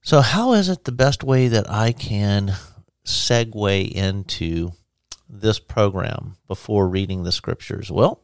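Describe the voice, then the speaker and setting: Earnest preacher man, smooth low voice. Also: slow, dry recording, clean studio sound. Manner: earnest, prayerful, conversational. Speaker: podcast host and open-air preacher. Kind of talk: Christian teaching podcast with prayer.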